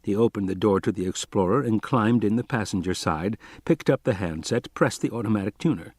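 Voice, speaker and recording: A man reading an audiobook aloud in an expressive, lively narrating manner. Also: on the low side, a little fast, slightly rough, dry recording. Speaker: audiobook reader.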